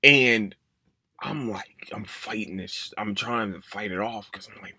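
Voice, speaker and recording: A man's voice: on the low side, a little slow, pushed and bright, breathy edge, dry recording. A young man hosting a podcast, rambling through a personal story, cursing and apologizing for it. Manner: rambling, curses and apologizes, voices his own past thoughts. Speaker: podcast host. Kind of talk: casual storytelling.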